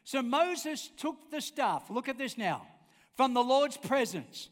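A man's voice: extremely high pitch, big pitch swings, slow pace. A man preaching a sermon, emphatic and repetitive, often calling on the congregation to answer back. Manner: emphatic, calls out for congregation responses. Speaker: pastor. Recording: long reverb of a large hall.

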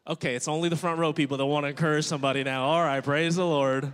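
A man preaching a sermon as pastor, energetic and joking, calling on the congregation to respond. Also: on the high side, quick pace. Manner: jokey, playful asides. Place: church sanctuary. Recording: long church-hall reverb.

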